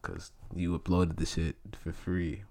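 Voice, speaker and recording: Laid-back young New York man, lowish voice. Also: completely flat delivery, unhurried, creaky, darkish tone. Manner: laid-back, slangy, laughs easily. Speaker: music producer guest. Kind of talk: casual podcast chat.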